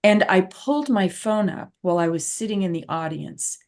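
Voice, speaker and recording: A medium-pitched woman with a darkish tone speaks animatedly at a moderate pace. A patient advocate and host, she recounts a personal story conversationally, earnest and reflective, stressing points by repeating them.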